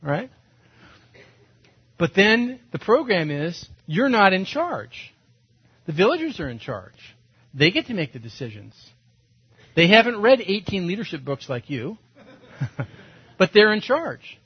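Male pastor, fairly high and husky, animated storyteller, lo-fi dull recording. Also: a little slow, long pauses. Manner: animated, self-mocking, acts out quotes. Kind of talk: storytelling sermon. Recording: dull lo-fi sound.

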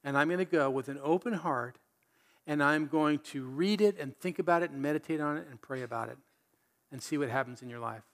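Man, pastor, preaching, conversational, rhetorical questions, slightly high voice. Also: a little fast. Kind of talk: sermon.

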